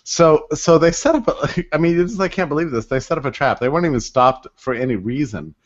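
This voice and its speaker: A man's voice: a little high, lively intonation, a little fast, dull audio. A man casually telling a long personal story on a talk show, rambling and restarting often with frequent laughs.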